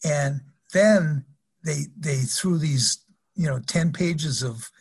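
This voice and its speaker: A man's voice: fairly high pitch, takes it slowly, husky. An older man, a former wrestler, telling rambling anecdotes in an interview, full of restarts and laughter. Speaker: guest, former pro wrestler. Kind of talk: storytelling interview.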